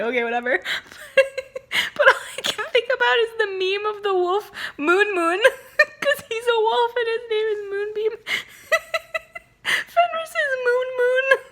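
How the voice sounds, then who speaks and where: A woman chatting casually in a reading vlog, gushing and excitable, saying "like" a lot, with a rough early-morning voice. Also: very high-pitched. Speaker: book vlogger.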